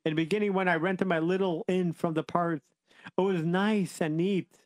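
A man voicing a remorseful, dying old innkeeper who talks haltingly in a weak voice. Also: high-pitched, fairly even intonation, no echo, close to an everyday voice. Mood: regretful.

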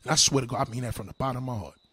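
A man delivering a heated, profane rant to the camera, swinging between low mutters and loud insulting outbursts. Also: racing, breathy edge.

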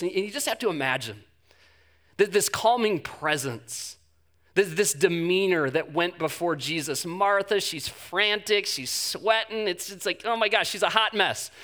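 Male pastor, high bright voice, animated humorous sermon delivery, stammery.

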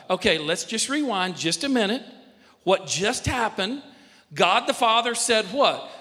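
A man preaching as pastor, repeating phrases and building to emphatic shouts. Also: very high-pitched, expressive, unhurried, big-room sound. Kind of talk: sermon.

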